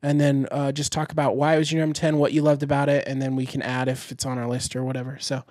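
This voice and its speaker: A man's voice: mid-range voice, completely flat delivery, fast, a little mellow, no echo, clean studio sound. A man hosting a casual podcast chat, upbeat and leading the talk. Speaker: podcast host.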